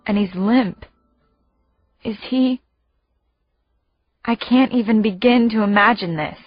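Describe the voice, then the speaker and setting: A woman narrating an audiobook in the first person with tense, hushed storytelling. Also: medium pitch, dull audio.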